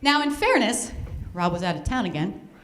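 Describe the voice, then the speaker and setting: A woman's voice: mid-range voice, big pitch swings, moderate pace, fairly bright tone, a little hiss or hum. A woman on stage at a fundraiser, telling a self-mocking comic story into a microphone with playful drama. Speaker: speaker at a charity fundraiser. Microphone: handheld or stand microphone.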